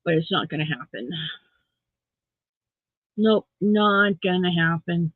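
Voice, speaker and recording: A tired, yawning woman hosts a casual livestream, chatting with viewers in a rambling, self-deprecating way. Her voice is fairly low and slow, and the audio is tinny, phone-like and dry, with no echo.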